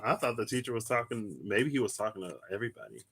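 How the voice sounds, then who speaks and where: A young man talks loosely and rambles, drifting from one story to the next while he reads tarot on a live stream. His voice sits fairly low but sounds bright and forceful, and he breaks into squealing, high-pitched laughs. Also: animated, quick pace, few pauses, slightly rough.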